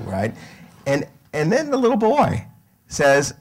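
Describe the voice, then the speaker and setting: A middle-aged man telling a story to a live audience, halting with fillers and restarts, growing animated. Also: a little high.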